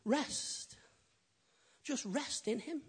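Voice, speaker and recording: A man preaching a sermon as a pastor, animated and humorous, swinging from loud emphatic lines to quiet intimate ones. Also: extremely high pitch, extremely slow, slightly rough. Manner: humorous storytelling.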